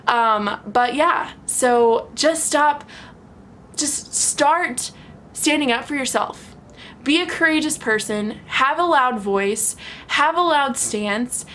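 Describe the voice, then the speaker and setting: Young woman, casual to-camera chat, frank, animated, laughs a lot, high-ish voice. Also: a little hiss or hum. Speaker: vlogger. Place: at home with her dog.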